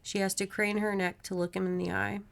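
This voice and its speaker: A woman hosts a podcast, reading a horror novel aloud at an even pace. Her narration is steady and plain, broken by friendly asides to her co-host. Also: mid-range voice, a little fast, creaky.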